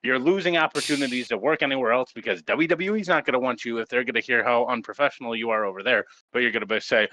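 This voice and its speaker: Blunt, swearing man, bright and dull-toned. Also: mid-range voice, fast talker, few pauses. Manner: blunt, profane ranting. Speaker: co-host. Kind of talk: casual podcast chat.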